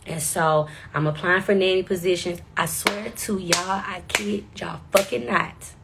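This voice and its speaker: A woman's voice: on the low side, steady tone, a little slow, vocal fry, heavy background noise. A young woman in her twenties telling a personal story straight to camera, casual, candid and profane. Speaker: vlogger.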